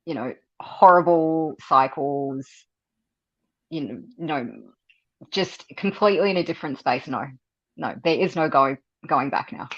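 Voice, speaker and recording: Australian woman guest, low voice, chatty and animated, slightly dull lo-fi sound. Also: unhurried, no room sound. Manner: animated, laughs often, repeats words when thinking. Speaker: interview guest. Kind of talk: casual interview conversation.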